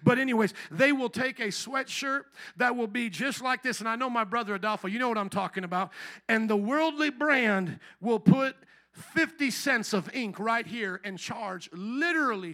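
A man preaching a sermon to his congregation, impassioned, swinging between quiet reflection and shouted calls. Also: very high voice. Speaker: pastor.

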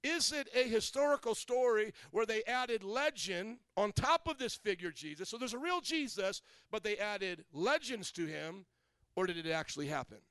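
Brief: high-voiced man from Indiana, chatty joking pastor quizzing his church, dry close sound. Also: expressive, moderate pace, a bit bright, clean tone, dry recording. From Indiana, USA. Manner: conversational and joking, quizzes the congregation. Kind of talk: sermon.

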